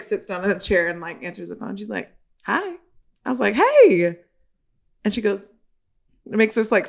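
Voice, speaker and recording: A woman guest on a podcast, telling a story in a lively, casual way and acting out the voices of the people in it. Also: medium pitch, creaky. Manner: animated storyteller acting out quoted dialogue; swears casually, laughs while telling.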